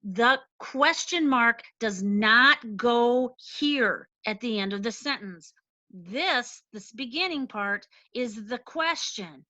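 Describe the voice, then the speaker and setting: A woman teacher explains a lesson at a slow, deliberate pace, leaning on key words for emphasis. Her voice is bright and a touch high, and the recording is dry and slightly dull. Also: animated, dry recording.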